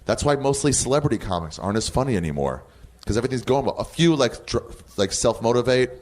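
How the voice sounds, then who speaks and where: A man in his thirties with an American accent, a comedian guest in a casual interview, telling animated stories, acting out quotes, swearing and laughing often. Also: medium pitch, fast.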